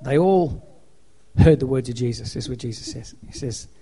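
A man's voice: mid-range voice, expressive, normal speed, mellow, slightly rough. A man preaching a sermon into a handheld microphone to an audience, in an emphatic, repetitive exhorting manner. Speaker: pastor.

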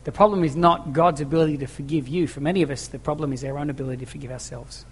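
A husky male pastor with a somewhat high voice races through his sermon very fast, keeping his intonation fairly even. He's emphatic with his congregation in the church hall, repeating phrases and asking rhetorical questions, all under a long, echoing reverb.

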